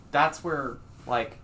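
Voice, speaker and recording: A man's voice: mid-range voice, a bit bright, slight background noise. Hesitant man hosting a casual podcast. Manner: hesitant, filler-heavy, thinking aloud. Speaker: podcast host. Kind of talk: casual chat.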